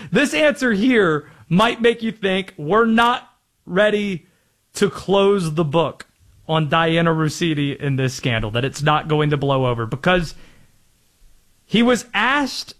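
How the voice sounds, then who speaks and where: A man hosting a sports talk show, making his case in a quick, wry way. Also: high-pitched, fairly bright tone. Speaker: host.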